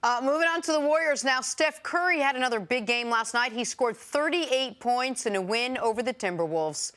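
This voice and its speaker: A woman hosting a sports talk show, running the segments and moving briskly from topic to topic. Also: sits high, expressive, fairly bright tone. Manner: brisk, segue-driven. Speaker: show host, moderator.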